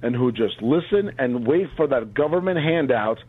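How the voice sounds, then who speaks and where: A man's voice: medium pitch, animated, normal speed, slightly rough. A man speaking fervently and emphatically in heated political talk as a guest on the line. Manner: fervent, emphatic rally-style delivery. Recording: tinny phone line.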